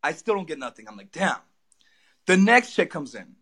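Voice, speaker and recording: A young man telling a personal story as a guest, excitedly acting out what people said. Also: on the high side, normal speed, slightly rough. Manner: excited, acts out quoted lines. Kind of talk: animated storytelling.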